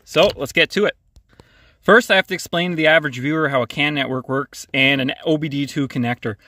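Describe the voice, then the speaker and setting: A man's voice: fairly high pitch, brisk, bright, forceful tone, no echo. A male mechanic hosting a casual, plain-spoken how-to tutorial from his garage. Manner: plain-spoken, hands-on, practical. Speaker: mechanic, channel host.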